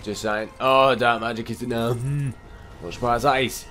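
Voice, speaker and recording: A young man giving rambling, excitable commentary while playing a video game and talking to the characters on screen. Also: medium pitch, normal speed, soft background music. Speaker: gameplay commentator. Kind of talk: casual let's-play commentary.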